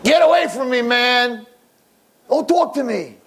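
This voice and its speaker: A man voicing a miserable, grisly old blind man who talks in a gruff, bitter, snapping way. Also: very high voice, expressive, unhurried, a bit bright, voice pushed up, heavily acted.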